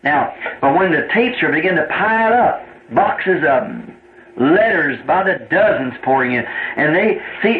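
A man speaking as a preacher to his church's trustees, earnest and rambling, repeating himself in folksy grammar. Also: high voice. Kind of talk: informal church address. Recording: tinny, roomy old tape recording with hiss.

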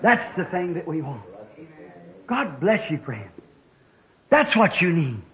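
A man preaching a fervent sermon, rising to shouts as he tells stories. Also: on the high side, big pitch swings, takes it slowly. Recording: dull lo-fi old tape.

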